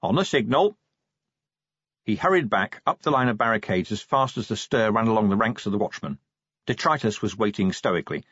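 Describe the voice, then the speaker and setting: A man narrating an audiobook in an animated, expressive way, doing character voices, on a dull recording. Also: fairly low pitch, fairly quick, slightly rough, dry recording.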